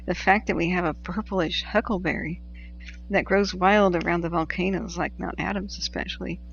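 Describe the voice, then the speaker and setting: A woman's voice: fairly low pitch, fairly even intonation, moderate pace, vocal fry, lo-fi sound, a little hiss or hum. A woman from the Pacific Northwest hosting a casual livestream, chatting, laughing often and reading viewer messages aloud. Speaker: livestream host tracking wildfires.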